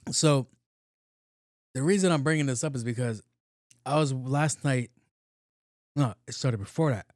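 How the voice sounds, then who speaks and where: A male podcast host telling a rambling comic story, swearing freely and slipping into quoted voices. He speaks at a mid pitch, and his podcast mic sounds dry and close. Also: unhurried, no echo. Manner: profane, loose and animated, acting out quotes. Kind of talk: comedic storytelling monologue.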